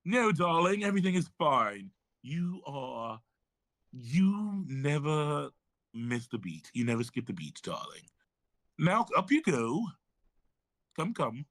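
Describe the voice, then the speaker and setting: A man's voice: on the high side, very animated, takes it slowly, a bit bright, dry recording, full character voice. A man voicing a doting, theatrical male healer who fusses and soothes, calling everyone darling. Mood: fussing. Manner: fussy, soothing, dismissive of worries. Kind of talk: tabletop role-play voice.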